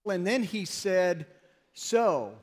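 A man with a high voice preaches slowly and deliberately, telling stories with emphasis. His words ring out with a long reverb across a large church hall. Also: lively intonation. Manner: storytelling, emphatic. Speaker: pastor. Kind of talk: sermon.

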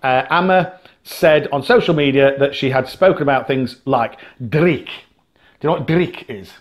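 A man's voice: mid-range voice, moderate pace, lo-fi sound. A man from Britain co-hosting a podcast, telling stories in casual chat with lots of laughs and restarts. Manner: animated storyteller, laughs often, many restarts. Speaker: podcast co-host.

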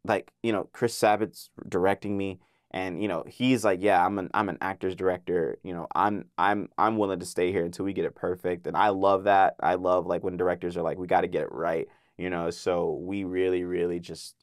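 Young male voice-actor guest, lowish voice, eager storyteller, close dry studio sound. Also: brisk, dry recording. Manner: excitable, heavy use of filler "like", acts out quoted voices. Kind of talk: casual interview storytelling.

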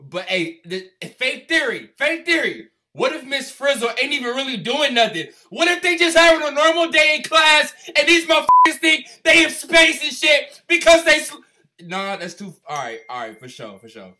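A young man riffing on cartoons with loud, profane, mocking comedy and plenty of slang. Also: very high-pitched, sing-song, normal speed, few pauses. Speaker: YouTube commentator.

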